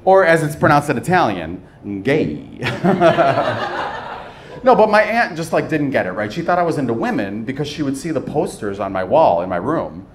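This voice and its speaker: Lively chatty man doing stand-up. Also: mid-range voice, normal speed. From USA, Chicago area. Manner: chatty, self-mocking, playful asides. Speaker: stand-up comedian. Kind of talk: stand-up comedy set. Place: comedy club stage. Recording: live club, loud crowd and noise.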